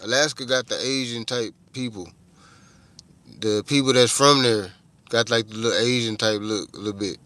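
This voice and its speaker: With a sharp tone at medium pitch and normal speed, a middle-aged livestream host chats loosely with his audience. His talk is profane and wanders from thought to thought.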